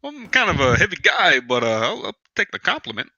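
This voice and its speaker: A man's voice: high voice, very animated, fast talker, bright, forceful tone, no echo, dull audio, pitched above the performer's own voice, exaggerated voice. A man voicing a stoned mob contractor. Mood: wary. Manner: hesitant, rambling, lots of uhs. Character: stoned male mob contractor, rambling and evasive. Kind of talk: tabletop role-play character voice.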